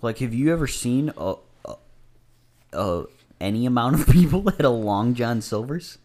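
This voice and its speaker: A man's voice: medium pitch, lively intonation, normal speed, mellow. A man in casual podcast chat, easygoing and a bit hesitant.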